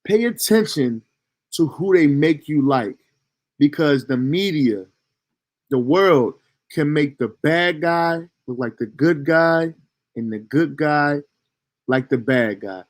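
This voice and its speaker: A man talks over clips in a relaxed, conversational way, full of slang. His voice sits a little on the high side. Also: slow. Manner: laid-back, conversational, slangy. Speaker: reaction video host. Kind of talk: casual reaction commentary.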